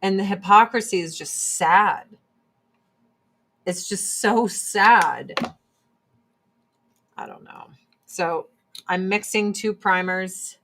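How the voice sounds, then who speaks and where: A woman's voice: mid-range voice, slow, pauses often, a bit bright, slight background noise. A woman chatting casually and bluntly while doing her makeup, swearing freely as she gives her opinions. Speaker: streamer.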